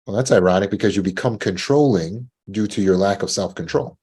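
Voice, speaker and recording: With a fairly low, slightly rough and somewhat mellow voice, a man speaks briskly in a teaching talk on panic. He's a trauma recovery coach who voices anxious inner thoughts with a rising tone, repeating words as he starts over.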